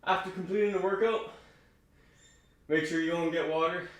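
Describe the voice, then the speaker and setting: A man's voice: a little high, fairly even intonation, fairly quick. A man leading a home workout, counting reps aloud and catching his breath as he exercises. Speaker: fitness instructor. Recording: echoey room.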